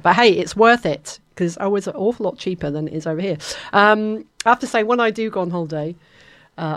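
A woman, a radio presenter chatting casually on air, rambling with lots of ums. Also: low-pitched.

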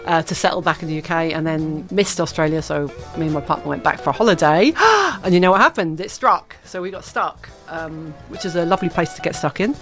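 A woman's voice: low voice, brisk, few pauses, soft background music. A woman from the UK, an author being interviewed, talking in a chatty, rambling way with frequent laughs. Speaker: author guest. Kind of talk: casual interview chat.

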